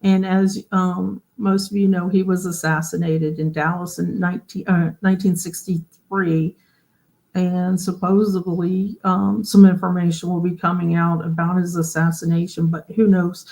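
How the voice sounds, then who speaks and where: A woman hosts a casual genealogy livestream, explaining things chattily and frequently asking her viewers questions. Her voice is fairly low and darkish, with little pitch movement, at a moderate pace.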